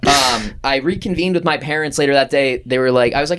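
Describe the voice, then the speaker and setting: A young man in his twenties, a podcast producer, telling a story in casual chat and jumping up in pitch as he acts out what people said. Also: quick pace, hardly any pauses. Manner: animated, acts out quoted voices with big pitch jumps.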